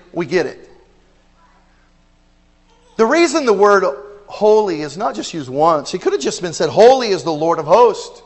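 A man preaching a sermon, shifting between fervent proclaiming and quiet, careful teaching. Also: high-pitched. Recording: long reverb of a large hall.

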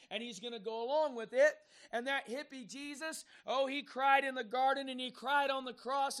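High-voiced fiery preacher man. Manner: fervent, building to shouted emphasis. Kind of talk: fiery sermon.

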